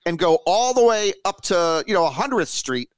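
A man's voice: sits high, big pitch swings, normal speed, no echo. A man from Washington, D.C., co-hosting a podcast, rambling through jokey asides in casual banter. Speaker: podcast co-host.

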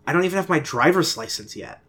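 A man's voice: on the high side, animated, fast talker, fairly bright tone, voice pushed up. A man voicing a dry, sarcastic teenage girl who can see ghosts.

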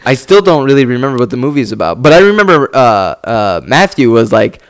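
A man swapping stories in casual chat, his mid-pitched voice leaping around as he acts out what people said. He swears freely and laughs often. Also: fast, few pauses, smooth. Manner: animated, acts out quotes, swears, laughs a lot.

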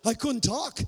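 Male pastor, very high voice, lively storytelling sermon with shouted peaks, reverberant church hall. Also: husky. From Mexican-American migrant family. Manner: animated, acts out dialogue, shouts for emphasis. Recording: long reverb of a large hall.

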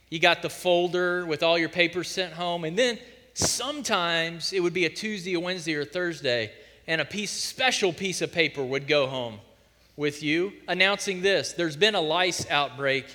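Animated preacher in an echoing church hall. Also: male voice, sits high. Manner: animated storytelling preacher, emphatic. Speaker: pastor. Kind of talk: sermon. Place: church sanctuary.

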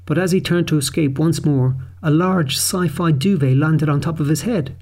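Mellow-voiced male audiobook narrator. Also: on the high side, moderate pace.

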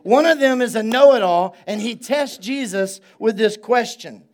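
A male pastor preaching a sermon in a relaxed, conversational way, repeating phrases for emphasis and drawing call-and-response from his congregation at a church service. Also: very high-pitched, moderate pace, few pauses.

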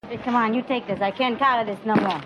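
An actress playing an argumentative older wife in disguise in a film comedy. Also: female voice, on the high side, fairly even intonation, fast talker, natural voice. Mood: bickering. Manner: argumentative, exaggerated. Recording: dull film audio with faint noise.

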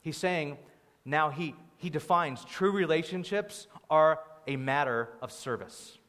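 A young man preaching a sermon as pastor, in a conversational, animated way with playful asides. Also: fairly high pitch, a little slow. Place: church sanctuary. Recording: long hall reverb.

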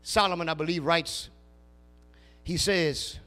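Man pastor, call-and-response sermon, slow deliberate delivery, shouted calls and hushed asides, long church reverb. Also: fairly even intonation, soft background music. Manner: swings from loud shouted calls to low quiet asides. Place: church sanctuary.

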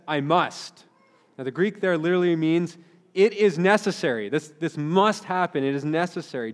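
A man in his thirties, a pastor giving an earnest, conversational sermon with frequent restarts. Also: sits high. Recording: long hall reverb.

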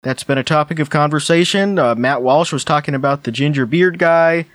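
Guy reading dumb posts out loud, deadpan and wry, kinda high voice, dry mic. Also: no echo. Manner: wry, deadpan, quick asides. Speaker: podcast host. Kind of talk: casual chat, reading posts aloud.

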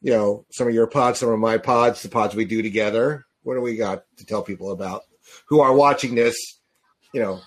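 A man's voice: on the low side, steady tone, brisk. A man co-hosting a podcast, chatting casually while watching a movie, rambling and laughing often. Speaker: podcast co-host. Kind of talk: casual chat during a movie watch-along.

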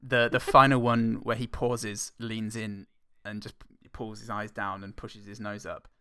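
A man's voice: fairly low pitch, flat delivery, measured pace, bright, forceful tone, clear, resonant tone, dry recording, studio quality. A man co-hosting a podcast, rambling casually about film scenes and laughing at his own jokes. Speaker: podcast co-host. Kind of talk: casual film-review banter.

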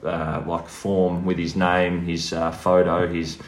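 A man's voice: deep voice, little pitch movement, slow pace, reverberant, a little hiss or hum. An Australian man casually telling a story as a podcast guest, swearing freely and laughing as he goes.

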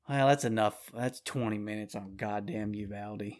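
A man's voice: lowish voice, normal speed. Man, solo host, profane, blunt, rambling rant, casual monologue.

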